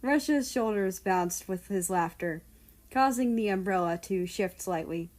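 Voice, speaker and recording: A woman reading fan fiction aloud as an audiobook, in a calm, measured narration. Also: mid-range voice. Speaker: audiobook reader.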